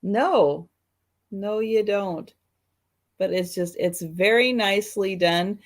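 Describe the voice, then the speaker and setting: A woman hosting a live online sale of old photos, talking in an unhurried, gentle and kind way. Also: medium pitch. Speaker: host and seller of old photos.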